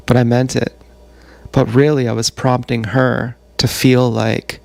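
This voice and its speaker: A man's voice: mid-range voice, flat delivery, measured pace, creaky, darkish tone, no room sound. A man live-streaming a rambling, profane monologue that sounds like he is talking to himself, recorded on an action camera mic. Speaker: vlogger.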